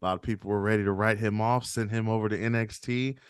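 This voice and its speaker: A man co-hosting a wrestling podcast in casual chat, deadpan and sarcastic. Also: on the low side, fast talker, clear, resonant tone, dry recording, clean studio sound. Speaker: podcast co-host.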